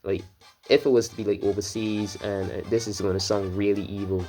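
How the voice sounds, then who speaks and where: A man's voice: on the low side, flat delivery, fairly quick, mellow, faint music behind. A man from Barbados giving casual, rambling commentary while playing a racing game, drifting into swearing rants. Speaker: gameplay commentator.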